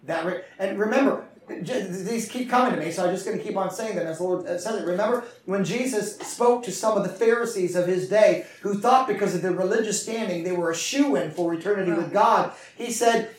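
A pastor with a high voice preaches with passion in a church sanctuary, drawing call-and-response replies from the congregation. He talks a little fast, hardly pausing, and the echoey room is captured from a distance.

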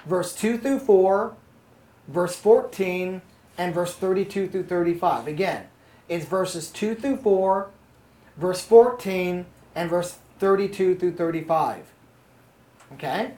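Bible teacher, mid pitch, chatty, keeps checking in with the group, roomy echo. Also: slow pace, mellow. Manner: conversational, often checks in with "okay?" and "are you following?". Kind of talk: Bible study lesson to a small group.

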